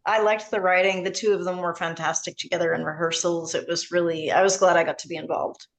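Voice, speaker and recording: A woman's voice: lowish voice, fast, poor audio. Chatty woman on a video call. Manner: chatty, animated, self-deprecating. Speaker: actor in a play reading. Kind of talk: casual video-call chat.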